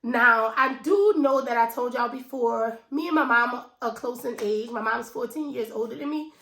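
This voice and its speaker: A woman's voice: fairly high pitch, moderate pace, fairly bright tone. A woman in her thirties with a New Orleans accent, telling a personal story to her viewers in an emotional, conversational way. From New Orleans, USA. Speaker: finance vlogger. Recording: echoey room.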